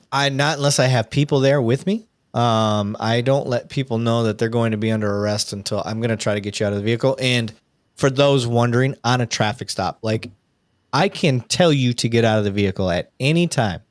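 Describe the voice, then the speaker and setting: A man's voice: medium pitch, a little fast, no room sound, studio quality. A man hosting a live show, a police officer talking casually, with frequent ums and restarts. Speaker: podcast host, police officer. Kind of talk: casual livestream commentary.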